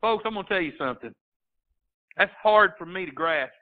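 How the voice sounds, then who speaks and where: Over tinny phone-line sound, a man from Texas preaches a sermon as a pastor, his voice sitting high with lively intonation at a moderate pace. He climbs into emphatic bursts and recites scripture in archaic phrasing.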